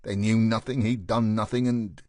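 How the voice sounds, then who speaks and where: A man's voice: lowish voice, level tone, moderate pace, darkish tone, no echo, studio quality. Man narrating a thriller audiobook.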